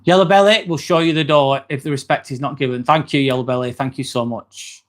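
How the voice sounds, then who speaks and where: An Englishman with a mid-range voice talks a little fast while hosting a casual live stream on his phone. He chats loosely and relaxedly, reading viewer comments aloud, with lots of ums and the occasional swear word.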